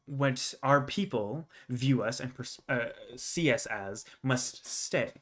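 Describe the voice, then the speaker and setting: A man voicing a stern, commanding middle-aged king who speaks loudly and formally in a fantasy game. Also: medium pitch, takes it slowly.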